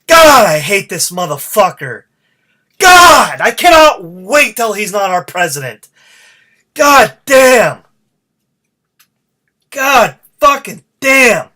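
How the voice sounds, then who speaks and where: A man's voice: sits high, big pitch swings, slow pace, long pauses, bright, forceful tone. A man hosting his own podcast, delivering a profane, fired-up solo rant. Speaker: podcast host.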